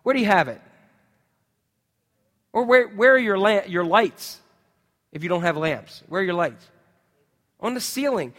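A man preaching a sermon in a church, conversational and animated, full of rhetorical questions to the congregation. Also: high-pitched, big-room sound. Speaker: pastor. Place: church sanctuary.

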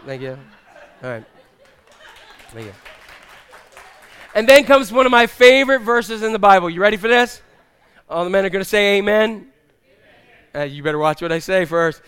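A faint crowd can be heard as this pastor gives a relaxed, joking sermon, often teasing the people listening. He talks a little slowly with frequent pauses, and his smooth, clear voice sits rather high for a man.

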